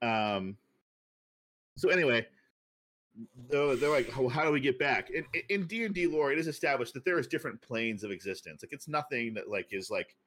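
Rich: A man of ordinary pitch co-hosting a relaxed podcast. He rambles through his ideas, piles on fillers and keeps breaking into laughter between thoughts. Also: normal speed. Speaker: podcast co-host. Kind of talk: casual chat.

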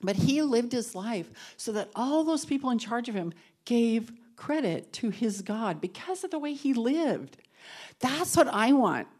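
A woman's voice: fairly high pitch, very animated, a little slow. A woman giving an earnest, conversational devotional talk that ends in prayer, sometimes emotional and near tears. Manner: emotional, tearful at times, laughing through tears; earnest and conversational, shifting between soft and loud. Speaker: women's Bible study speaker.

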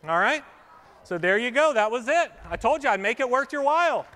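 A man's voice: very high voice, expressive, a little fast, sharp tone. A man preaching a sermon from a church stage, chatting playfully with children before reading scripture and reflecting. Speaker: pastor. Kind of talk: sermon with children's object lesson. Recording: long hall reverb.

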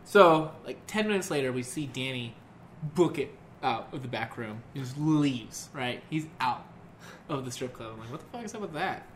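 A man's voice: medium pitch, moderate pace, slight background noise. A young man casually telling a long story, swearing and laughing a lot. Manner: profane, laughs often, animated.

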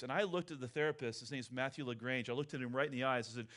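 A man's voice: medium pitch, rapid-fire, a bit bright. A middle-aged man and pastor preaching a sermon in a candid, conversational storytelling way.

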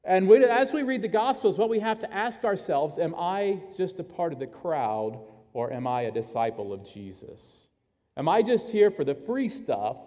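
A man preaching a sermon as pastor, telling stories in an earnest, animated way. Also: on the high side. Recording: long hall reverb.

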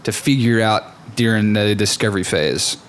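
A man's voice: fairly low pitch, normal speed, slight background noise. A man hosting a casual interview, asking friendly questions that restart and circle back. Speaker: podcast host interviewing.

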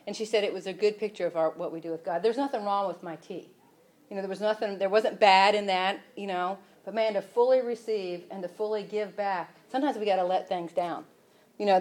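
A woman preaches an informal sermon in a relaxed, conversational way. She scatters fillers through her talk. She also rises to emphatic passages on the points she wants to land. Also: medium pitch. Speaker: church speaker.

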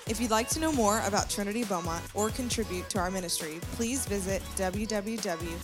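A woman's voice: mid-range voice, fairly quick. A woman reading a scripted podcast announcement. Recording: loud music under voice.

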